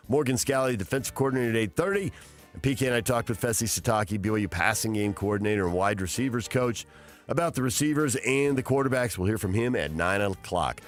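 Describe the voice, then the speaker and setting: A man with a fairly low voice hosts a sports talk radio show. He talks about the games with energy and reads the headlines. Faint music plays behind him.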